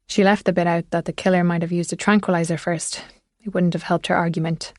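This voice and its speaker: A woman narrating a thriller audiobook in measured, scripted storytelling. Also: fairly low pitch, little pitch movement, darkish tone, no room sound, clean studio sound.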